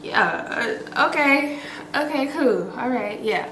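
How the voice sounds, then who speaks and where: A woman's voice: sits high, takes it slowly, echoey room, noisy background. A woman vlogger telling a story to her viewers in a chatty, slangy, profane way, full of fillers and acted-out quotes. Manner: expressive, acts out quotes.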